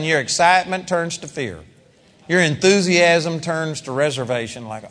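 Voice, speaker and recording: Male Bible teacher, live seminar sermon, fairly high voice, long hall reverb, emphatic. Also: normal speed. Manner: animated, emphatic preaching with acted-out quotes.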